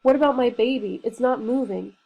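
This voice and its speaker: A woman's voice: on the high side, brisk, dull audio. A woman voicing a frightened young pregnant woman, reading her panicked, pleading lines in a storybook.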